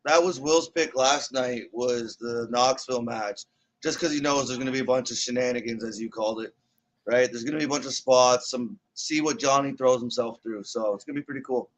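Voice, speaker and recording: A man co-hosting a live wrestling watch party, talking in a relaxed, hesitant way with many ums while recapping matches. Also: mid-range voice, brisk, slight background noise, rough recording. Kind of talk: casual live-stream commentary.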